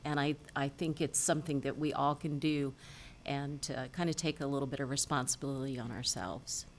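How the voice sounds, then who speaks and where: A low-pitched woman speaks at a council meeting in a relaxed, chatty way. Her remarks wander with small restarts. Faint hiss sits under the voice. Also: fairly quick. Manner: chatty, tells jokes with put-on voices. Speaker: city council member. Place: council chamber.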